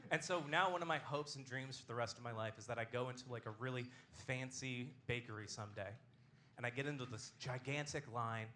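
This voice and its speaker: A man hosting a comedy show, doing a stand-up set with a deadpan, self-deprecating delivery on a club stage. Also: mid-range voice, brisk, slight background noise.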